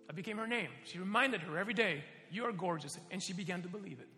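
A man preaching a sermon, telling personal stories in an animated way and laughing often. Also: sits high, quick pace, few pauses, in a large hall, faint music behind.

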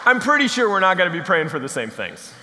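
A male pastor preaching a sermon, telling stories with a joking, animated manner. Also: sits high, quick pace, long reverb tail, crowd noise, noisy background.

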